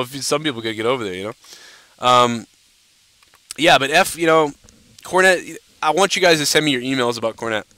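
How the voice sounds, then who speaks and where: A man hosts a live stream, rambling and cursing freely with constant fillers. His voice is bright and forceful, smooth and clear. The sound is dry and close to the mic. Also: mid-range voice, dry recording. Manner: profane, rambling, lots of "you know". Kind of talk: casual live-stream rant.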